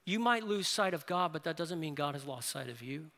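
A man preaching a sermon as pastor, earnest, often closing a point with a quick "right?". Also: fairly high pitch, expressive, gravelly, sharp tone, in a large hall.

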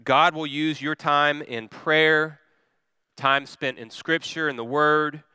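A middle-aged male pastor preaches with a crisp, ringing voice pitched slightly high. He tells stories expressively and moves easily between calm asides and louder moments. The sound is close and dry, with no room echo. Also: slow. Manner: expressive storyteller, swings from calm to loud. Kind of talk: sermon with personal story.

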